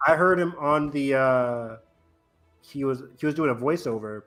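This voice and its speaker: Rambling, enthusiastic podcast co-host. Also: male voice, medium pitch, measured pace, fairly bright tone, faint music behind. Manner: rambling, enthusiastic, loose with fillers. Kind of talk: casual chat.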